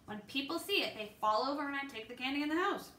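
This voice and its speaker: A woman's voice: high-pitched, expressive, quick pace, sharp tone. A woman voicing a young boy who loves scaring people, eager and pleading. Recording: echoey room.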